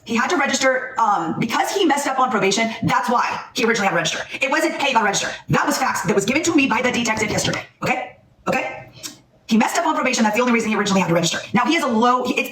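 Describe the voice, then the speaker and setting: Upset woman ranting fast on a live, blunt and angry, kinda far from the phone in an echoey room. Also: on the high side, animated, a bit bright, a little hiss or hum. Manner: angry, blunt, repeats herself for emphasis. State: upset and shaking. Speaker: livestream host. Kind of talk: heated livestream talk.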